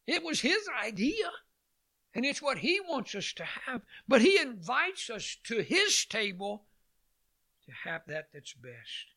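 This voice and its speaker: A man preaching a sermon, swinging from loud calls to hushed lines and repeating phrases for emphasis. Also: high-pitched, huge pitch swings, slow pace.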